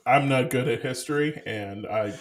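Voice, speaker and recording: A man co-hosting a casual movie chat, rambling and full of "like", quick to laugh. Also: medium pitch.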